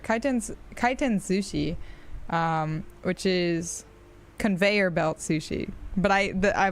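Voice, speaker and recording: A woman's voice: lowish voice, clean tone. A woman with an American accent chatting casually on a live stream while gaming, rambling and laughing often.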